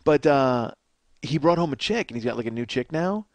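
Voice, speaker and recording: A man's voice: mid-range voice, animated, normal speed, no room sound. A man hosting a comedy podcast, rambling through a profane, self-mocking monologue from a small apartment. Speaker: podcast host.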